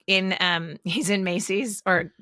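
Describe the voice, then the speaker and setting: A woman's voice: mid-range voice, a little slow, no room sound, studio quality. A woman in her thirties co-hosting a podcast, chatting casually and animatedly about her favorite movies. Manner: animated, quotes movie lines with laughs. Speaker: podcast co-host. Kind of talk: casual chat.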